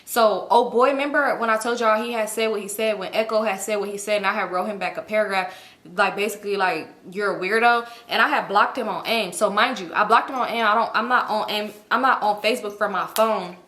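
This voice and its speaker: A woman in her thirties telling a storytime to her viewers, casual and profane, her pitch jumping up as she gets worked up. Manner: profane, animated retelling with quick jumps up in pitch. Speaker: storytime vlogger. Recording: echoey room.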